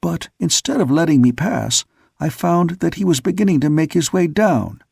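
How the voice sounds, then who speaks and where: Brief: male audiobook reader, gravelly, husky, dry close-mic sound, measured. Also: a little high, lively intonation, a little mellow, no echo. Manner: measured storytelling. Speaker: audiobook narrator. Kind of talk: scripted narration.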